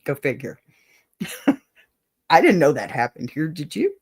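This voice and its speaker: A woman's voice: low voice, huge pitch swings, measured pace, breathy edge. Chatty Texan woman host. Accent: Southern US (Texas). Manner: chatty, laughs often, says y'all. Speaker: podcast host. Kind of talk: casual chat.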